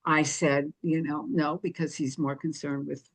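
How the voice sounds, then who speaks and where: An older woman speaks in a lowish voice, telling her story in a lively conversational way. She acts out the lines of the people she quotes as she goes. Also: unhurried. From United States. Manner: animated storyteller who acts out quoted dialogue. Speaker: guest, activist founder.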